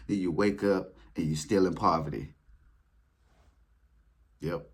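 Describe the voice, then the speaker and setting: A man speaking in a casual storytelling monologue, animated, acting out his past reactions in a high voice. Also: moderate pace, long pauses, slightly rough. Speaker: spiritual video creator.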